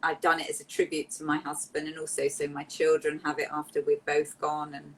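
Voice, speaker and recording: Heartfelt woman, lowish voice. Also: brisk, a little hiss or hum, poor audio. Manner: heartfelt, emotional, animated anecdotes. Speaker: guest. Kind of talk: candid interview storytelling.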